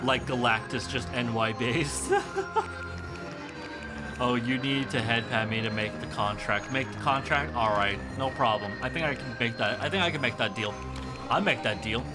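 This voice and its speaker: A man's voice: mid-range voice, moderate pace, loud music behind the voice. A man streaming a game, chatting casually with his viewers in a rambling, joking way full of fillers. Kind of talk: casual chat with live chat while playing a game.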